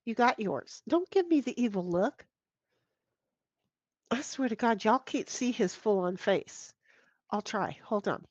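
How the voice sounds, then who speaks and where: A woman's voice: on the high side, animated, a little slow, pauses often, no room sound, highs cut off. A middle-aged woman hosting a casual livestream from home, reading chat aloud and rambling in a frank, salty way with many restarts. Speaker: streamer host. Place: at home with her dogs. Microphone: computer mic at a desk.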